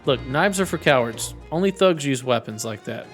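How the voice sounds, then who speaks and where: A man's voice: mid-range voice, lively intonation, normal speed, close to an everyday voice. A man reading the lines of a cocky young female pickpocket from a video game in his own plain voice, without putting on an accent. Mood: proud. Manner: read aloud in his own voice, no accent attempted. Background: faint game music.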